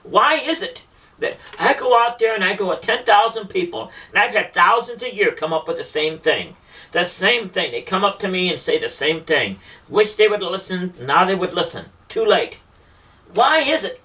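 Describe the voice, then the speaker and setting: A man's voice: high voice, animated, moderate pace, pushed and bright, far from the mic, poor audio. A man delivering an emotional, pleading monologue about faith and the meaning of life, repeating himself often. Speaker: self-styled spiritual messenger.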